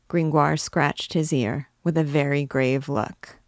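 A woman narrating a classic novel aloud in a measured, even storytelling manner, recorded on a close mic. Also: low-pitched, no echo. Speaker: book reader and teacher. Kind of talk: audiobook reading of a classic novel.

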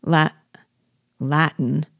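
A woman's voice: deep voice, level tone, normal speed, darkish tone, dry recording, studio quality, lightly acted. A woman reading an audiobook, voicing a proud, ambitious male soldier who stammers when confused. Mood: stammering.

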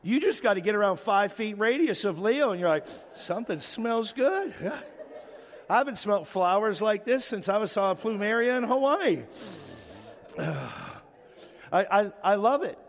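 A middle-aged male pastor with a fairly high voice preaches in a relaxed, joking way, stumbling and restarting as he goes. His voice rings out with a long reverb from a large church hall. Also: normal speed. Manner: conversational, joking, with frequent restarts. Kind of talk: sermon.

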